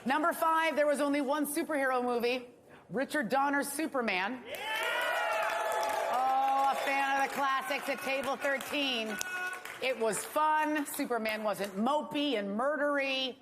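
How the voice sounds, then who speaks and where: A woman's voice: sits high, a little slow, over a noisy crowd. A woman hosting an awards ceremony, delivering a stand-up monologue with wry jokes and asides to a live audience. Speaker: awards show host. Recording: echoey hall with faint room noise.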